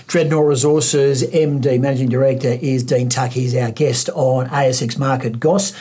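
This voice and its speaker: A man's voice: medium pitch, fairly even intonation, normal speed, warm tone, breathy edge. A man with an Australian accent hosting a podcast interview, asking long, rambling questions with many restarts. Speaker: podcast host.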